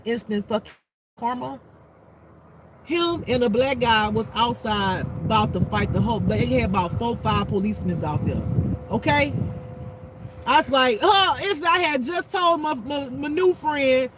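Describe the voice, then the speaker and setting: A man with a strikingly high voice tells a story in a casual, blunt, animated way, swearing freely and acting out what people said. He talks as a spiritual life coach. Clear street and car noise runs behind him. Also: rough recording. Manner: acts out quotes in a raised voice. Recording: clear outdoor traffic noise. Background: passing cars and street noise.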